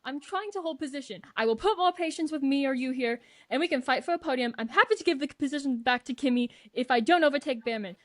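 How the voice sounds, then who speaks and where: A woman doing an impression of an angry male racing driver, shouting a profane rant over team radio. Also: high-pitched, expressive, voice pushed up. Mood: furious. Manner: shouty, profane, rapid ranting.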